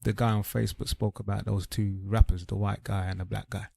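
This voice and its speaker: A man's voice: on the low side, flat delivery, fairly quick, gravelly, warm tone, no echo. A man co-hosting a casual podcast, pressing his questions insistently. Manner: probing, keeps pressing questions. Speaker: podcast co-host.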